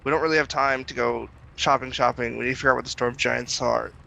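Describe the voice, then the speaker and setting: Gravelly bright-voiced guy rambling thru his game plans, swears a lot. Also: medium pitch, fairly even intonation, quick pace, lo-fi sound, slight background noise. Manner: rambling, laughs often, swears. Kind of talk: in-character tabletop play.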